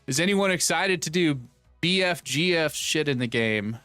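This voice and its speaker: A man's voice: fairly high pitch, expressive, moderate pace, bright, forceful tone, clear, resonant tone, no room sound, faint music behind. A man in his thirties hosting a casual live stream, rambling and joking as he reads chat aloud and riffs on it. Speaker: streamer host.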